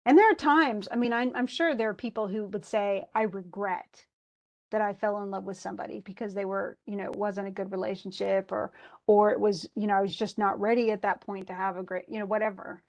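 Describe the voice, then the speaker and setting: A woman's voice: mid-range voice, fairly even intonation, a little fast. A woman college English instructor giving an informal lecture. She reads passages from a story aloud and comments on them in a chatty way, with many fillers and restarts.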